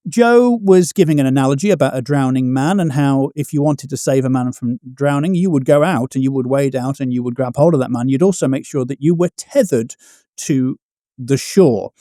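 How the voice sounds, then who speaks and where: A man's voice: medium pitch, warm tone, dry recording, clean studio sound. A man hosting a discussion show, recapping a guest's point in a light-hearted, joking way. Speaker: podcast host.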